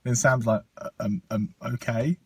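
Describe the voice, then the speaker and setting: A man's voice: medium pitch, steady tone, normal speed, a little mellow, husky, no echo, far from the mic. A man from Portugal casually telling a rambling, sweary story on a podcast, with lots of ums and laughs.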